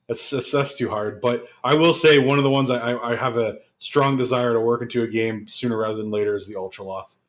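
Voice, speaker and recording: A man's voice: mid-range voice, fairly even intonation, a little fast, few pauses. A man co-hosting a podcast, chatting casually and hesitating with lots of fillers. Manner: hesitant, many filler words. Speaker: podcast co-host. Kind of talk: casual chat.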